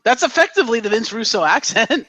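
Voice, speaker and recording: A man co-hosting a casual podcast, teasing and animated. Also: very high voice, quick pace, no room sound. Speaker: podcast co-host. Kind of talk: casual chat.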